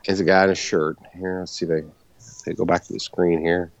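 A man's voice: deep voice, brisk, no room sound, highs cut off. A man co-hosting a podcast in casual chat, laughing and swearing freely. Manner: lively, swearing, laughing often. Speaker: podcast co-host.

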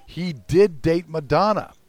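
A man's voice: a little high, a little slow, darkish tone, no echo. A man co-hosting a podcast in casual chat, emphatic and opinionated with frequent swearing. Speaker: podcast co-host.

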